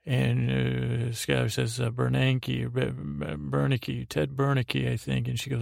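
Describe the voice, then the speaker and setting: A man rambles through a TV recap for a sleep podcast, drifting and restarting as he quotes the characters. His voice is heavily gravelly with fry, and he stays very flat in pitch. The sound is close and dry, with no room around it. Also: a little slow, few pauses, no room sound. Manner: meandering, full of restarts and quoted lines in his own voice. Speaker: podcast host.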